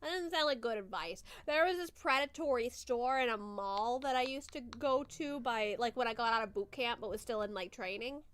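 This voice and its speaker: A woman's voice: on the high side, normal speed, few pauses, a bit bright, clean tone. A woman streamer chatting casually through a movie watchalong, laughing often and swearing offhandedly.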